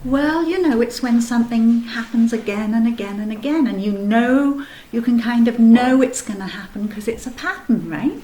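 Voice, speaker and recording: A woman teaching a kindergarten video lesson, explaining patiently in a gentle, sing-song way. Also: fairly high pitch, animated, moderate pace, a little hiss or hum. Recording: echoey room, faint background ambience.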